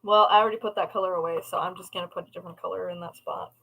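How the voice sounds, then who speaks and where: Bright, chatty woman rambling while crafting. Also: lowish voice, fairly even intonation, rapid-fire, gravelly, rough recording. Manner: rambling, swears freely, laughs at herself. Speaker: crafting livestream host. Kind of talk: casual chat while crafting.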